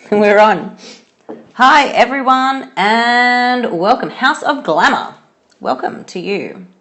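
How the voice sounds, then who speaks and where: A woman's voice: a little high, slow pace, fairly bright tone. A young Australian woman, a nutritionist, chatting bubbly on a live stream, laughing often and greeting viewers. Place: home, at night.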